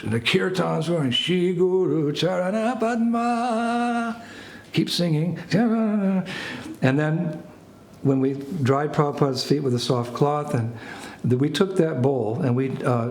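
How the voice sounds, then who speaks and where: American man telling a lively story. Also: a little high, a little slow. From United States. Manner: animated anecdotes, laughs, acts out French phrases. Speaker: spiritual teacher. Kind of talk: storytelling talk to a small group. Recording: echoey room with faint ambient noise.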